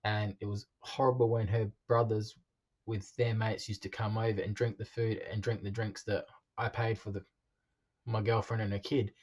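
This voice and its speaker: A man telling his own life story in a halting, confessional way, with frequent ums and restarts. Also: on the low side, level tone.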